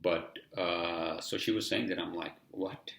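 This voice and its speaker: A man with a heavy accent talks through a casual solo podcast in a low, gravelly voice. He rambles and swears freely and leans on "you know" again and again. The sound is echoey, as if he is in a bare room. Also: fairly even intonation, unhurried, fairly bright tone. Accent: heavy non-native English accent. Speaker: podcast host.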